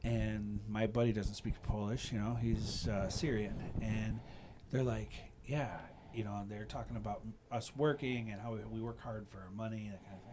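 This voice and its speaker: A man's voice: fairly low pitch, fairly even intonation, moderate pace, background noise. A middle-aged man with a Chicago accent hosting a casual podcast chat, telling long rambling stories and checking in with "you know what I mean". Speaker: podcast host.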